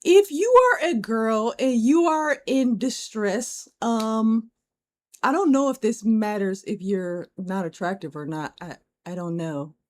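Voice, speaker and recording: A woman's voice: fairly high pitch, unhurried. Blunt, profane young woman on a podcast. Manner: blunt, frank, profane, animated storytelling. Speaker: podcast co-host. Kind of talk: casual podcast chat.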